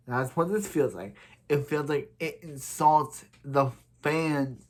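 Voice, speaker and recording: A man's voice: on the high side, slow. A young man casually recapping and ranting about a TV episode, rambling with many restarts and growing heated. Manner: rambling, repeats "he's like" and "so yeah", heated. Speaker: TV episode reviewer.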